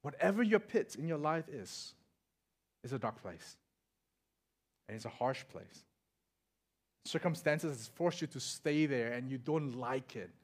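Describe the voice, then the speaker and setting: A middle-aged Singaporean man preaching a sermon, telling stories and acting out the voices, swinging from loud to quiet. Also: medium pitch, unhurried, long pauses, breathy edge. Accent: Singaporean English. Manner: animated, acts out voices in anecdotes, swings loud to soft. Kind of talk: sermon with storytelling.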